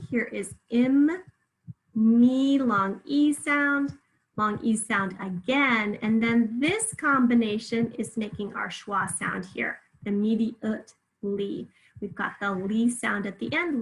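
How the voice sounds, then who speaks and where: A woman teacher with a fairly high voice works through a spelling lesson. She speaks clearly and deliberately, stretching out syllables so each sound can be heard. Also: a bit bright, a little hiss or hum, rough recording.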